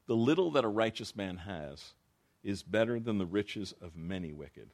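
A very low-voiced man preaching through scripture verse by verse. His talk is loose and conversational, with repeated phrases and restarts as he explains each line. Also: animated, normal speed, a little mellow. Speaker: pastor. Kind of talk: verse-by-verse Bible teaching.

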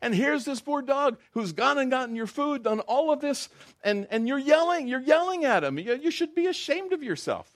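A man's voice: very high-pitched, sing-song, normal speed, dry recording, clean studio sound, pitched above the performer's own voice. A man voicing an indignant middle-aged woman who scolds a stranger in a joke. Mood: outraged. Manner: outraged, lecturing.

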